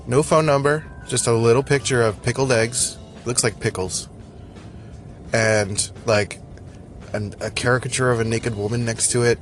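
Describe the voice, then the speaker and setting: A man's voice: medium pitch, unhurried, faint music behind. A man hosting a casual podcast, talking while he drives, in a scattered, joking, self-deprecating way. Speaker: podcast host. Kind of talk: casual rambling monologue. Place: in a car in traffic.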